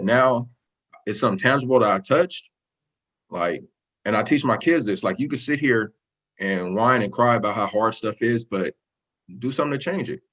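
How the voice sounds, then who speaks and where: A man's voice: mid-range voice, fairly bright tone, rough recording. A man in his thirties, a course student, earnestly telling his success story in a casual video-call interview, emotional and rambling. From California. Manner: earnest, emotional, talks in loose run-on phrases.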